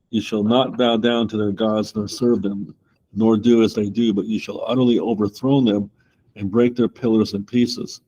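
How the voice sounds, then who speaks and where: A man with a low, mellow voice leads a Bible class. He reads the scripture in an even, steady way, then drifts into relaxed asides full of restarts. The tone stays plain and unhurried, like a teacher talking to a small group. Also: rough recording. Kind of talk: Bible study lesson, reading scripture with commentary.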